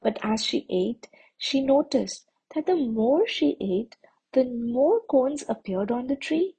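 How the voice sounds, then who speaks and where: Mellow, husky-voiced woman storyteller. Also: sits high, takes it slowly, low-quality recording. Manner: expressive, sing-song rhyming delivery, switches between English and Hindi. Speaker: channel host reading stories for children. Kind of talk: read-aloud storytelling with casual commentary.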